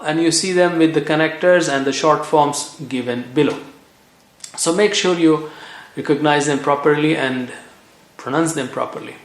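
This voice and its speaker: A man from Asia, teaching Quran reading in a patient way and repeating each sound slowly for practice. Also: a little high. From South Asia. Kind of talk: recorded language lesson. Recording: echoey room.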